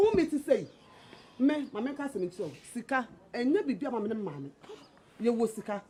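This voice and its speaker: Woman, Ghanaian accent, coaxing, sweet-talking, high and lively. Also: moderate pace, slight background noise. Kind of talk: comedy skit dialogue in pidgin and Twi.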